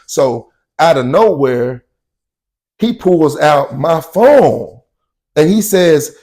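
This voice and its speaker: A man's voice: a little high, big pitch swings, very slow. Slangy man telling a story. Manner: slangy, repeats "you know what I'm saying"; acts out shouted quotes loudly. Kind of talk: casual storytelling.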